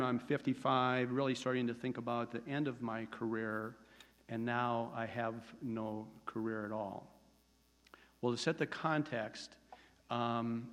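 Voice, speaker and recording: A man in his sixties gives his personal testimony to a congregation in an earnest, steady way, hesitating now and then. His delivery is flat and even, and his voice carries a long reverb through a large church sanctuary. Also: medium pitch. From United States. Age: 60s. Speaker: church member giving testimony.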